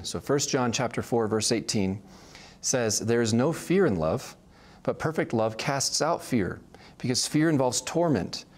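A man teaching a casual Bible study, talking conversationally and often checking in with "right?". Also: lowish voice. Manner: conversational, frequent "right?" check-ins, restarts.

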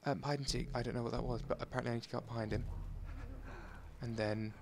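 A man doing excitable, self-mocking commentary over a video game and talking straight to his viewers. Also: medium pitch, quick pace, vocal fry, a little hiss or hum. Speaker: gameplay commentator. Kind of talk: let's play commentary.

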